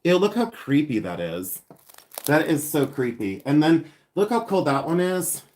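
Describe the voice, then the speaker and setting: A man hosting a casual live stream, chatty, excitable and self-mocking as he shows vintage finds indoors. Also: a little high, measured pace. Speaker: livestream host selling vintage finds. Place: indoors at home, seated with items.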